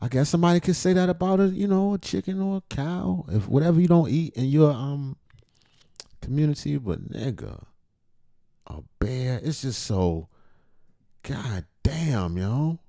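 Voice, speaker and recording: Man, reaction commentary, profane, loud outbursts, lively pitch swings, dry close sound. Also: unhurried, no room sound. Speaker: reaction streamer.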